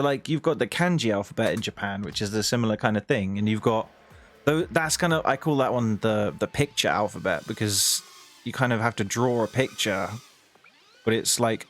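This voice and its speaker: A young man with a British accent chats loosely to his stream audience in a somewhat low voice. He rambles and breaks into laughter often, with faint music playing underneath. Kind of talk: casual live-stream chat to viewers.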